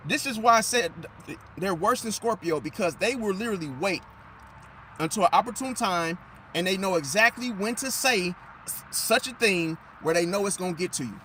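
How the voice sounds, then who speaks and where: A man giving an animated, emphatic astrology monologue and losing his voice. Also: high-pitched, slight background noise. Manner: animated, emphatic, repeats "see?"; drops into mocking impressions of others. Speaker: astrology commentator. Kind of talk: casual monologue.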